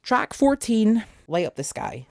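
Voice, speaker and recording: A man's voice: high-pitched, wildly swooping pitch, measured pace, gravelly. A young man talking casually as a music reviewer, sarcastic and exasperated, with jokey asides. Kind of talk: casual album review vlog.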